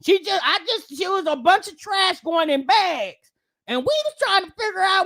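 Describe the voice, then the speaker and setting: A woman hosts a comedic live stream. Her voice sits very high and sounds bright and sharp, and her pitch swings widely as she teases her guest with loud banter. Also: very animated, normal speed. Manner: loud teasing banter, mimics stammering. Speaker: livestream commentator.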